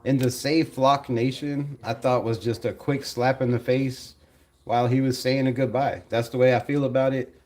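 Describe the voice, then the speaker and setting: Animated man hosting a live stream. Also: medium pitch. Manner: animated, talks to chat, laughs often. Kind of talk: casual live stream commentary.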